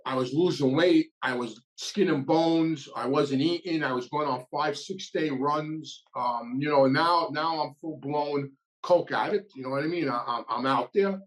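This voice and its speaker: A man's voice: a little high, measured pace, few pauses, poor audio. A man, telling his recovery story in a blunt, streetwise way, often repeating and restarting phrases. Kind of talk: casual storytelling monologue.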